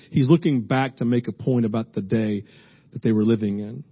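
A man's voice: mid-range voice, breathy edge, dull audio. A man preaching a sermon as pastor, emphatic and repetitive, driving his points home with repeated phrases.

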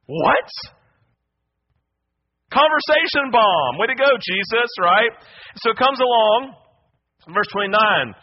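High-voiced young man preaching a sermon. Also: takes it slowly, pauses often. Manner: animated storytelling with asides like "right?". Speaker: pastor. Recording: dull lo-fi audio.

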